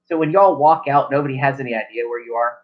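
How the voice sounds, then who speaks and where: A man's voice: mid-range voice, fast talker. A man narrating as game master at a tabletop game, rambling and correcting himself as he goes, in a lo-fi recording.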